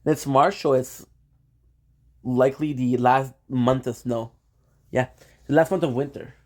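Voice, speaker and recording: A man's voice: medium pitch, fairly even intonation, a little slow, a little mellow. A man live-streaming, rambling playfully and talking straight to his viewers. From Canada. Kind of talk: casual live-stream chat.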